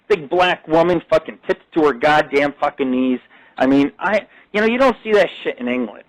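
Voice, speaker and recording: A man's voice: medium pitch, lively intonation, brisk, no echo, rough recording. A middle-aged man hosting a live internet radio talk show, ranting and boasting in crude, profane language.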